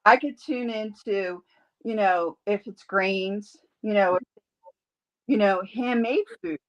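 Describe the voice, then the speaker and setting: A woman guest in a casual interview, an animal communicator and Reiki healer telling lively stories and acting out the voices she quotes. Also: medium pitch, takes it slowly, highs cut off. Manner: animated storyteller who acts out quoted voices.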